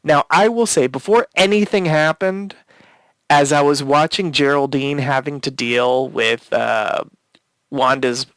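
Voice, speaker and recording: A man co-hosting a podcast, recapping a TV episode in casual chat, rambling with fillers and restarts, swearing casually when excited. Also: on the high side, a little slow, smooth, dry recording. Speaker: podcast co-host.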